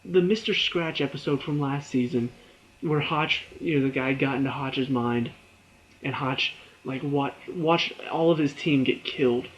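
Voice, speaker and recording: A man's voice: medium pitch, a little slow, muffled recording, slight background noise. A young man reviewing a TV episode in a casual, rambling way, laughing often and acting out his own reactions.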